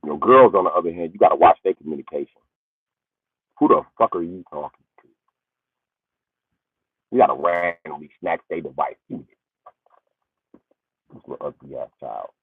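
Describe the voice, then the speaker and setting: A man doing a profane comedic rant on a livestream. He swings from high yelling to low muttering. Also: normal speed, pauses often, slightly rough, no echo. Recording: tinny phone-like audio.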